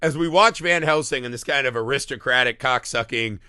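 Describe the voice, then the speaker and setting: A man's voice: mid-range voice, a little fast, pushed and bright, smooth, no room sound, studio quality. A man co-hosting a movie podcast, telling the story in casual, profane chat and acting out the characters' lines. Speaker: podcast co-host.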